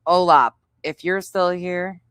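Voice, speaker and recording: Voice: mid-range voice, fairly even intonation, slow, fairly bright tone, smooth. A podcast host with a mid-range voice reacts to clips with sarcasm and open mockery, swearing often. The sound is close and dry, with no room echo. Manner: sarcastic, mocking, profane.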